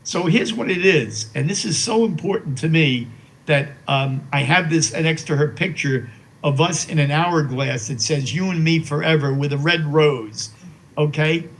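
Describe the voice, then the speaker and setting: An older man talks in an interview with a slightly raised pitch, remembering his late wife with emotion. He pauses and restarts often, filling gaps with hesitations. When he reads aloud he slows into a reverent pace. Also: low-quality recording. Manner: halting, with many fillers and restarts; slow and reverent while reading a poem aloud. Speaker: interview guest.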